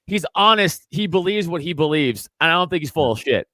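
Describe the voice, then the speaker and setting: A man's voice: on the high side, lively intonation, a little fast, bright, forceful tone, no echo. A man, a comedian guest on a podcast, arguing his views in casual chat, emphatic and full of swearing. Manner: emphatic, profane ranting.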